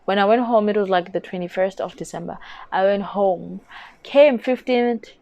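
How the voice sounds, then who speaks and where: Animated South African woman vlogger. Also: medium pitch, gravelly, highs cut off. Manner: animated, indignant storytelling, fast bursts. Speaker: YouTuber. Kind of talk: casual storytelling vlog.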